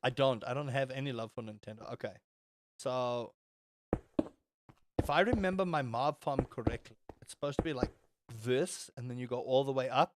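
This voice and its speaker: A man's voice: medium pitch, moderate pace, noisy background. A young man on a casual gaming livestream. He rambles, swears, answers chat and reacts to the game.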